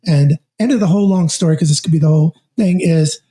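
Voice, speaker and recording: Guest, male, fifties. Warm, mellow tone, animated and jokey storyteller with a casual chat feel. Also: on the high side, fast talker. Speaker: podcast guest, musician.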